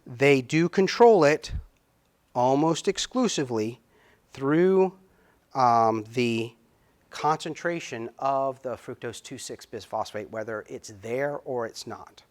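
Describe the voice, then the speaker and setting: In this recorded biochemistry lecture, a middle-aged man speaks in an animated, mid-range voice. He is halting and leans heavily on fillers while drawing out the important words.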